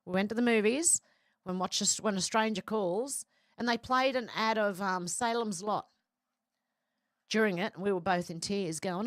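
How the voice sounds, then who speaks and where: A woman's voice: medium pitch, lively intonation, moderate pace, no echo. Aussie-sounding woman rambling through her livestream chat, dry close sound. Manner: rambling, with fillers and restarts. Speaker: livestream host reading chat.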